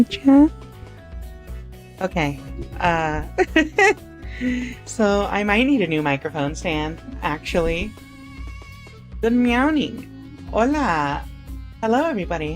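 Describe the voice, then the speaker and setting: A woman live-streaming a game and chatting loosely with her viewers in an easygoing, talkative way. Her voice sits at a middle pitch, with faint music underneath. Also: a little mellow. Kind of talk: casual live-stream chat.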